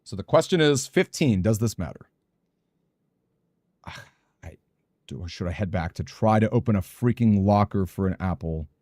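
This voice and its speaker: A man's voice: fairly low pitch, expressive, moderate pace, pauses often, darkish tone, no echo, clean studio sound. Anxious man muttering through a game. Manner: anxious, thinking aloud, muttering to himself. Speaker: gaming streamer. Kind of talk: let's play commentary.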